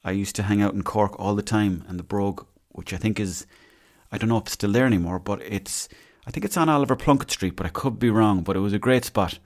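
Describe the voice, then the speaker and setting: A man's voice: on the low side, fast talker. An Irish man in his thirties hosting a casual solo podcast, rambling and self-mocking as he chats. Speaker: podcast host.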